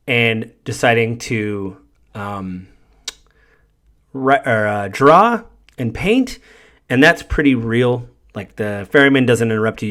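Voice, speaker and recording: A man's voice: mid-range voice, a bit bright. A man hosting a podcast, giving a casual spoiler recap of a game in a rambling way, with many fillers and loosely paraphrased quotes. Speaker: podcast host.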